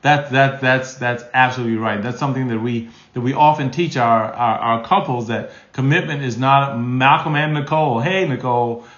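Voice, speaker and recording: A man's voice: mid-range voice, fairly bright tone, reverberant, lo-fi sound. A man in his sixties, a marriage counselor answering live questions in a folksy, emphatic way. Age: 60s. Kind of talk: live stream Q&A.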